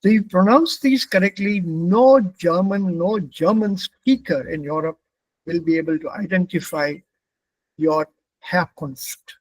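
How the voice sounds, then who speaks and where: A man's voice: high voice, unhurried, no room sound, low-quality recording. A man from India with an Indian English accent, teaching a German pronunciation class and patiently repeating words for his students.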